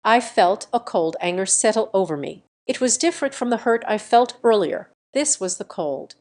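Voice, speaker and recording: A woman narrating a scripted first-person story in a steady, measured way. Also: medium pitch.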